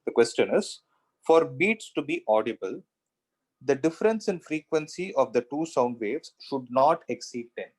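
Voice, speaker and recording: A man's voice: mid-range voice, lively intonation, moderate pace, darkish tone, poor audio. A man teaching a physics class, explaining step by step and asking himself questions as he goes. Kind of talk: classroom lecture.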